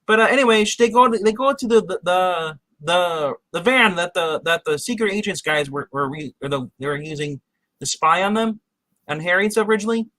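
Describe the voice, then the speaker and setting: A man's voice: high-pitched, expressive, brisk, sharp tone, no room sound. A man on a podcast casually recapping a TV episode, rambling with many restarts and acting out quotes. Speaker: podcast co-host.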